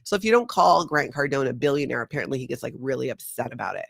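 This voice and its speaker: A woman hosting a livestream, chatting with viewers and retelling a story in an animated, conversational way. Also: extremely low pitch, quick pace, creaky, husky, no room sound, clean studio sound. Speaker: host. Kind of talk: livestream commentary.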